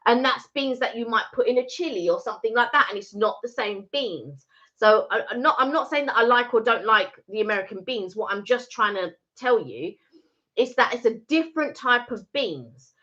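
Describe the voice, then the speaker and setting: A woman's voice: a little high, expressive, moderate pace, pushed and bright. A British woman co-hosting a casual live stream, making her point emphatically and repeating it to persuade viewers. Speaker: co-host of a live chat stream. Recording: dull lo-fi live-stream audio.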